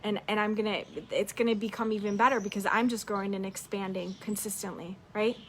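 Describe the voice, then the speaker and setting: A woman's voice: mid-range voice, fairly even intonation, brisk, a little hiss or hum. A woman business coach giving a casual, upbeat motivational talk, swearing freely and talking straight to her listeners.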